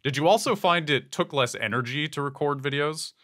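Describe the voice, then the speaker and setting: A man hosting a podcast, praising his guest's story and asking measured follow-up questions. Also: on the high side, a bit bright. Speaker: podcast host. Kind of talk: interview questions.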